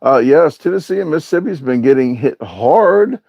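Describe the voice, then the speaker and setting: A man's voice: a little high, expressive, moderate pace, creaky, muffled recording. A man hosting a casual livestream, reading out viewer comments and answering them in a rambling, hesitant way with lots of filler sounds. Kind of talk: casual live-stream chat.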